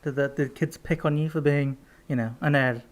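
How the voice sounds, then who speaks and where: A man with a fairly high voice chats on a casual podcast, teasing his co-host and laughing easily. He keeps the banter playful and light. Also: steady tone, moderate pace.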